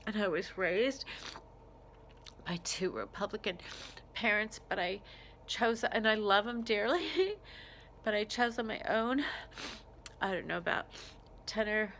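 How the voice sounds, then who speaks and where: A woman's voice: mid-range voice, lively intonation, measured pace, pauses often, fairly bright tone, a little hiss or hum. An American woman crying as she makes an emotional, rambling plea in a vlog. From United States. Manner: tearful, pleading, rambling with restarts. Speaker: vlogger. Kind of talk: emotional personal plea to camera.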